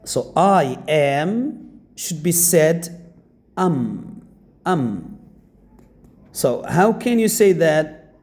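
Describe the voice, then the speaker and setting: A man's voice: on the high side, lively intonation, a little mellow. A man with an Arabic accent teaching English pronunciation to beginners, repeating each drilled word several times. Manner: slow, drills words by repeating them.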